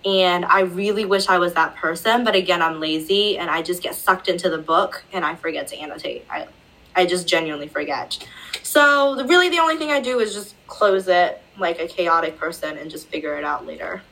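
A woman's voice: lowish voice, a little fast, fairly bright tone, poor audio. A woman guest on a podcast, chatting in a laid-back, self-deprecating way. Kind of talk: casual chat.

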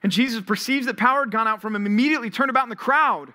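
A male pastor preaching a sermon to a college ministry, retelling Bible scenes with animated storytelling. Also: very high voice, very fast.

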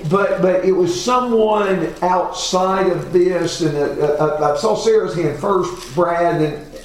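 In an echoey room with faint background noise, a high-pitched man leads a Bible class at a slow pace. He reads passages aloud, asks his class questions and corrects himself.

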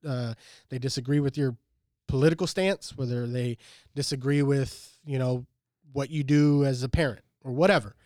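A man's voice: mid-range voice, darkish tone, no room sound, studio quality. A man co-hosting a podcast, telling stories in a casual, profane, earnest way. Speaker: podcast co-host. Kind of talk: casual chat.

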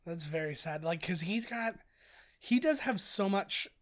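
A man's voice: sits high, expressive, a little slow, a crowd in the background. A man co-hosting a casual movie commentary podcast, rambling with fillers as he shares film trivia. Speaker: podcast co-host.

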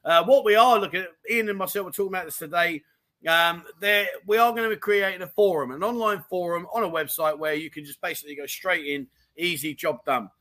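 A high-pitched man chatting on a casual livestream. His voice is bright and forward as he rattles through viewer comments, friendly and full of slang. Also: brisk. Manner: chatty and animated, full of mate and diamond geezer slang. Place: home in Thailand.

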